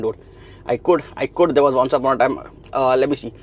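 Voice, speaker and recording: A man's voice: mid-range voice, a little fast. A young adult man vlogging casually from his truck cab, talking in a rambling, chatty way with many fillers and restarts. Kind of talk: casual vlog chat.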